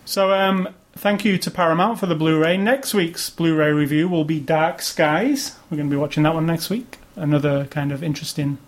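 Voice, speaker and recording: A man's voice: a little high, fairly even intonation, normal speed, few pauses. A man co-hosting a podcast, chatting casually about a film with many fillers and restarts. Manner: rambling, lots of fillers and restarts. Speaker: podcast co-host. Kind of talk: casual chat, film review.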